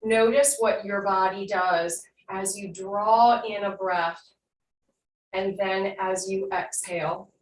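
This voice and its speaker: Slow-spoken woman leading a fitness class. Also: mid-range voice, distant mic. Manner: calm guiding cues, then slow soothing breath work. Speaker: fitness instructor. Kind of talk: live online fitness class instruction. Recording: echoey room, voice from off-mic, faint hum.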